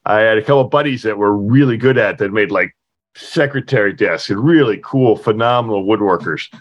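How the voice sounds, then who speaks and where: A middle-aged man, a furniture company owner and podcast guest, telling an anecdote in a halting way, full of fillers and restarts. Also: no room sound, muffled recording. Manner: halting, many fillers and restarts, acts out quoted voices in a higher pitch. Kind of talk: anecdotal storytelling in an interview.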